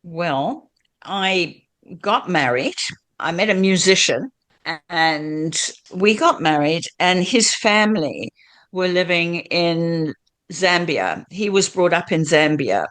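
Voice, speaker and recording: An older woman from Britain, whose accent blends British, Australian and South African, tells her life story as an interview guest, chatty, reminiscing and laughing often. Her voice is fairly low and a bit bright, with lively intonation and a slow pace.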